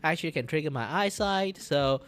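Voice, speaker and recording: Rambling, lively man streaming as he draws. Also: a little high, moderate pace. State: dizzy and disoriented. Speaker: art streamer. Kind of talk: casual live-stream chat while drawing.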